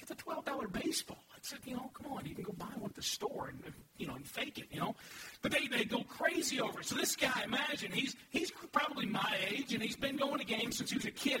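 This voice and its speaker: A man in his thirties preaching a sermon as pastor, talking conversationally and asking the congregation questions. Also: extremely high pitch. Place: church sanctuary. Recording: echoey, distant, noisy room recording.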